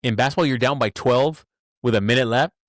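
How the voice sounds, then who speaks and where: A man in his forties telling stories in a casual podcast chat, animated and saying "bro" often. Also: medium pitch, fairly quick, no room sound, studio quality. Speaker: podcast host.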